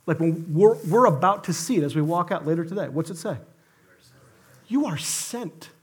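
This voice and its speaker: A man preaching a sermon as a guest pastor, telling stories in an animated way with emphatic bursts and quick asides. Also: a little high, husky.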